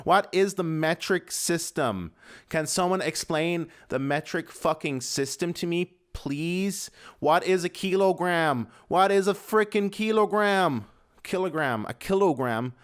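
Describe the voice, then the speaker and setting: A man's voice: fairly high pitch, unhurried, pitched above the performer's own voice, lightly acted. A man putting on a nasal, whiny American voice, playing a guy confused by metric units. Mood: baffled.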